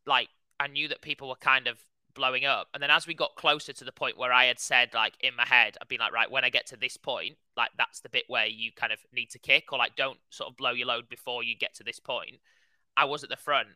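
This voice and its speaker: Bright, animated man telling a story. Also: mid-range voice, brisk, clear, resonant tone, no echo, low-quality recording. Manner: animated storytelling, heavy use of "like". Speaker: podcast co-host, runner. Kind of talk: casual chat.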